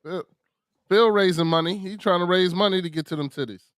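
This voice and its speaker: A man's voice: high voice, a little fast, clean tone, no room sound, clean studio sound. A man talking offhandedly in casual chat, brushing questions aside.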